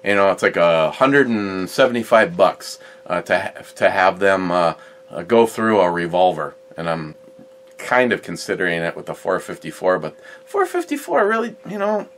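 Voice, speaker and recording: A man's voice: sits low, normal speed, a bit bright, slight background noise. A middle-aged man hosting a gun channel, chatting casually and rambling with many fillers and restarts. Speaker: host of a gun review channel. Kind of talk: casual chat about his collection.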